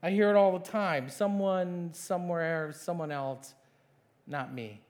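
Male pastor preaching, high voice, chatty and animated, does little voices for moses and god. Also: measured pace. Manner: conversational, asks the congregation questions. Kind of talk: sermon.

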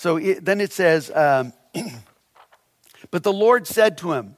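A man preaching a sermon, animated and humorous, acting out the voices of people in his stories. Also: high voice, slow pace. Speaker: pastor.

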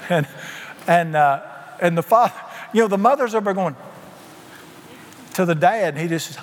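A man preaching a sermon, telling a folksy, animated story full of sudden jumps in pitch. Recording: reverberant hall with faint ambience.

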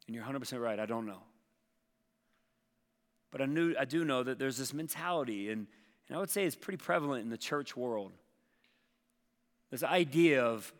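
A man's voice: mid-range voice, big pitch swings, normal speed, pauses often, a bit bright, big-room sound. A man preaching as a pastor in a conversational sermon, acting out objections and story lines.

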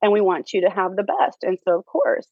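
Woman guest, casual and halting, lots of ums, dry dull-sounding recording. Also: mid-range voice, very animated, husky, no room sound. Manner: halting, many fillers, laughs often. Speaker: theater teacher, interview guest. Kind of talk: casual interview chat.

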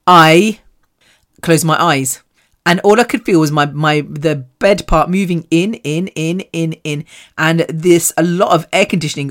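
A woman, hosting a solo podcast and telling personal stories in an animated, chatty way, often laughing. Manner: animated and chatty, with frequent laughs and big swings in pitch. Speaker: podcast host.

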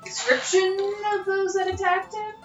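A woman's voice: extremely high pitch, flat delivery, normal speed, recorded from a distance, highs cut off, faint music behind. Probing woman in a roomy room. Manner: questioning, probing. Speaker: player. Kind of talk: casual game chat.

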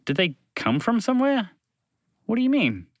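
Guy doing nosy little kids asking a million questions, high bouncy voices. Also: wildly swooping pitch, normal speed, no room sound, clean studio sound, exaggerated voice. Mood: questioning. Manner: inquisitive, pestering questions. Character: curious, nitpicking children, questioning the story.

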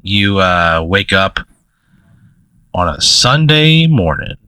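A man's voice: sits low, sing-song, slow pace, pushed and bright, no echo. A man co-hosting a casual comedic podcast, telling a rambling made-up story with lots of fillers and laughing mid-sentence. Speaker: podcast co-host.

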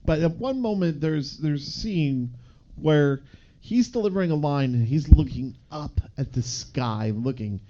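A man's voice: a little high, measured pace, dull audio. A man co-hosting a podcast, casually joking as he recaps a movie. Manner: joking, animated retelling. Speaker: podcast co-host.

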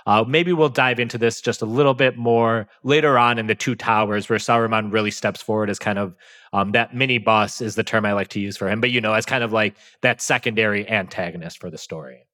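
A man hosting a podcast, giving a fairly even, analytical film commentary with some fillers. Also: lowish voice, brisk. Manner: self-described monotone, analytical with fillers. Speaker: podcast host.

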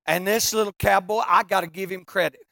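Gravelly preacher telling a tall tale. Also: medium pitch, brisk, no room sound, studio quality. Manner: folksy, animated, bursts into shouting. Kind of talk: humorous storytelling sermon.

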